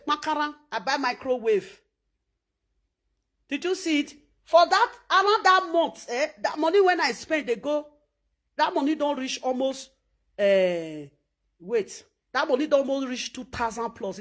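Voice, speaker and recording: A woman speaking Nigerian Pidgin English in an animated vlog monologue, emphatic and preachy, repeating her points. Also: high-pitched. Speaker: vlogger.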